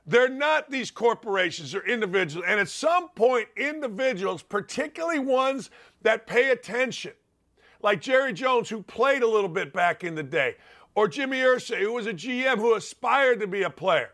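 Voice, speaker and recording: Sports host man, ranting, high pitched, bright edgy tone, combative. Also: expressive. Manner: emphatic, combative, quick asides. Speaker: sports talk show host. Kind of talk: opinionated sports radio rant.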